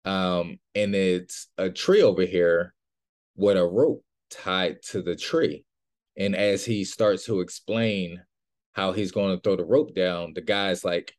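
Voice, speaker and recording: A man with a low voice tells a story on his podcast in an easygoing monologue. He slips into the quoted lines of his characters as he goes. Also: normal speed. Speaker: podcast host.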